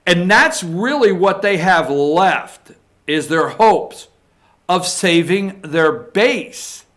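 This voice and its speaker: Speaking extremely slowly in a high-pitched, expressive, slightly bright voice, a political commentator who appears regularly on a show gives an opinion monologue. He hammers his points home, repeating them and ending lines with "okay?"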